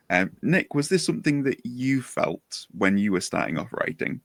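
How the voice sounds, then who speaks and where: A man's voice: mid-range voice, sing-song, normal speed, no room sound. A man hosting a podcast in a casual chat style, upbeat and jokey as he introduces guests. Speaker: podcast host.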